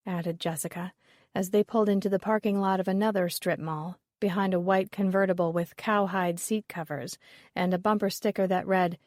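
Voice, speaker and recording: A woman narrating a mystery audiobook in a scripted style, with an even, measured read into a close mic. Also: mid-range voice, no echo.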